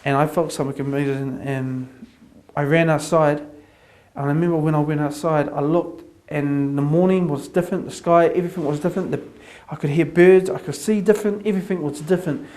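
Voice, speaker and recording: A man with a New Zealand accent giving an earnest personal testimony, repeating phrases as he builds up excitement. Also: on the high side, brisk. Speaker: convert sharing his testimony.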